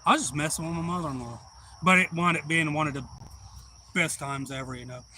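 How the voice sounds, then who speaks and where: A man's voice: fairly high pitch, a little fast, slight background noise, poor audio. A man casually telling a rambling family story on a live stream, acting out other people's lines as he goes. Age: adult father. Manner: rambling, animated retelling with quoted voices. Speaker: outdoors channel host.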